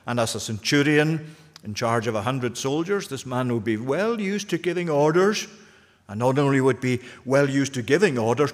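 A pastor preaching a sermon, earnest, putting repeated questions to the congregation. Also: male voice, mid-range voice, in a large hall. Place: church.

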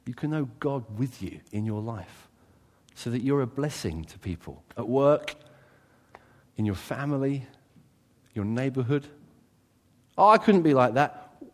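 Animated preacher in a reverberant hall. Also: male voice, medium pitch, a little slow. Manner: animated, swings from loud exclamations to quiet asides. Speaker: pastor. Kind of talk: sermon. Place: church.

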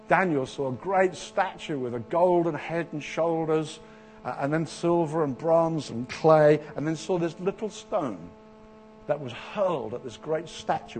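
High-voiced animated male preacher. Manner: animated, acts out Bible voices with rising intensity. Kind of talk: sermon.

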